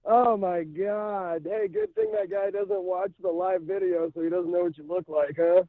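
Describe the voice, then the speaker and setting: A man calling into a radio show, cheerful and animated, heard over the phone. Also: high voice, moderate pace, no echo. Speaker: caller. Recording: tinny phone line.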